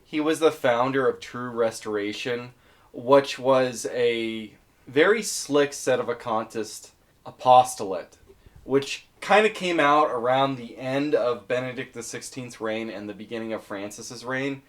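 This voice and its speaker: A man of ordinary pitch talks through a list of topics in a relaxed commentary voice. He thinks aloud as he goes, with small fillers and restarts. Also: measured pace. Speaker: video essayist.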